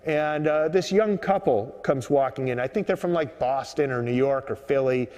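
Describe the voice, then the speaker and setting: A man's voice: mid-range voice, moderate pace, lo-fi sound. Man rambling a story on a subway platform. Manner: rambling, many uh fillers, relaxed. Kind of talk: live storytelling monologue. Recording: echoey underground platform.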